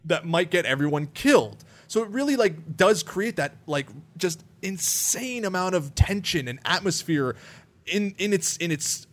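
A man's voice: high-pitched, expressive, normal speed. A man co-hosting a casual chat, rambling with lots of filler words.

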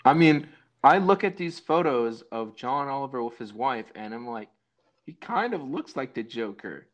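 A man's voice: medium pitch, big pitch swings. Rambling man in casual chat. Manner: rambling, halting, self-correcting. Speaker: podcast co-host.

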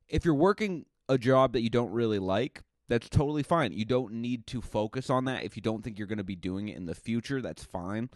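A man's voice: mid-range voice, lively intonation, brisk, few pauses, no room sound, studio quality. A male stand-up comedian talking through a casual podcast monologue, chatty and rambling, with plenty of restarts and fillers.

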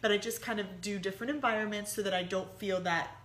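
A woman in relaxed conversation, talking animatedly and slipping into little voices when she quotes people. Her voice is bright and clear, with a middling pitch. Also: fast talker, a little hiss or hum. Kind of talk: casual conversation.

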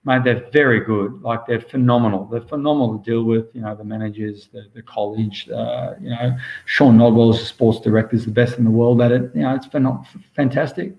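A man's voice: medium pitch, brisk, gravelly, few pauses. An Australian man, a swim coach, chatting casually on a podcast and telling stories with plenty of "mate". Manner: lively storyteller, calls everyone mate. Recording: muffled lo-fi audio.

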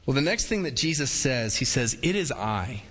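A man delivers a sermon from the pulpit, talking in a relaxed, conversational way and slipping into playful quoted voices. His voice is bright and forceful, and it rings with the long reverb of a large church hall. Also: medium pitch, moderate pace, breathy edge. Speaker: pastor.

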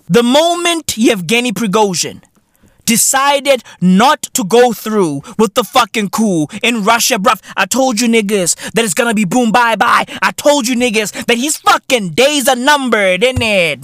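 A man's voice: very high voice, pushed and bright, no echo, studio quality. A man from South Africa hosting a podcast, delivering a profane, comedic rant full of slang. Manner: profane, ranting, heavy London-style slang. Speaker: podcast host.

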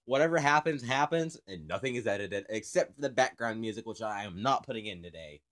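A man's voice: fairly low pitch, animated, a little fast, a bit bright. A man hosting a casual, unscripted podcast who jokes around, rambles and laughs often. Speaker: podcast host. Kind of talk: casual improvised podcast chat.

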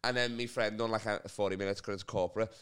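Young guy, low voice, rapid rambling storyteller, swears constantly. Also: steady tone, a bit bright, smooth. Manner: rambling, heavy swearing, lots of fillers. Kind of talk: casual storytelling chat.

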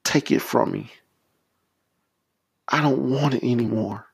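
A man's voice: medium pitch, unhurried, vocal fry, slightly rough. A man preaching a podcast sermon, leading prayers in a fervent, repetitive, exhorting way.

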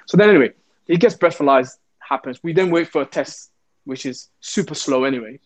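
Ex-cop guy telling a story, animated, does the voices, voice sits a bit high. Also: quick pace. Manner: animated, acts out the quoted voices. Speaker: former police officer. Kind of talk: storytelling in an interview.

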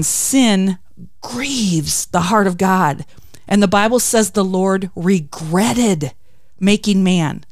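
A woman's voice: medium pitch, no room sound, clean studio sound. A woman hosting a faith devotional talk, telling stories expressively and acting out quotes. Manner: expressive storytelling with acted quotes. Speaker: podcast host.

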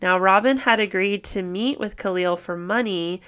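A woman's voice: medium pitch, moderate pace, fairly bright tone, clean tone. A young woman co-hosting a true crime podcast in casual chat, talking freely with swearing and frequent laughter. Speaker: podcast co-host.

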